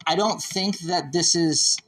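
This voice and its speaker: Calm police officer questioning someone. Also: male voice, a little high, a little slow. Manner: calm, conversational, stammers and restarts. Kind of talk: questioning a witness. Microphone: police bodycam.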